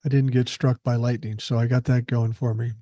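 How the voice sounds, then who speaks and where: Into a close mic, an older podcast host fires off a blunt, angry, profanity-laced political monologue. His mid-range, mellow voice is flat in delivery and a little fast, with no echo.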